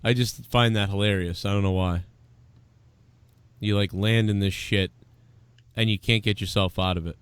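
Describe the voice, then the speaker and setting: A man from the Boston area with a softened Boston accent, hosting a live show in loose, profane, rambling chat. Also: lowish voice, fairly even intonation, normal speed, long pauses, smooth, dry recording. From Boston area, USA. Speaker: podcast host.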